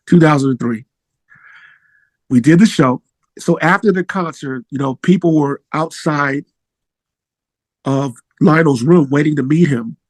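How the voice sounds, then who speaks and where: A middle-aged musician, appearing as a guest, tells a story in a casual, animated manner, his pitch jumping up whenever he gets excited. There is no room sound in the recording.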